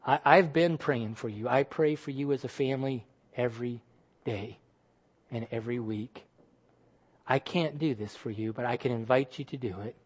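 A male pastor delivering a sermon at a middle pitch. He preaches with emphasis, then drops to soft, hushed lines to press a point home. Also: normal speed, slightly rough.

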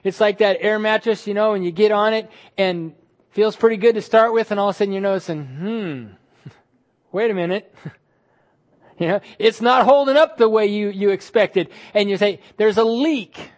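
High-voiced man preaching emphatically. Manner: emphatic, drawn-out words, sudden drops to quiet. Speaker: pastor. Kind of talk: sermon.

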